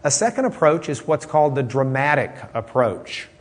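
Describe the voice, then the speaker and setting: A man's voice: medium pitch, very animated, normal speed. A man teaching a casual Bible class, rambling through anecdotes with frequent restarts and fillers. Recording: long hall reverb.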